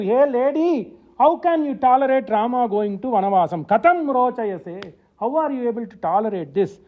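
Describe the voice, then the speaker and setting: A man's voice: very high voice, animated, brisk, narrow, tinny audio. A man giving a devotional scripture lecture at a temple, chanting verses in a singsong way and explaining them in English. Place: temple hall.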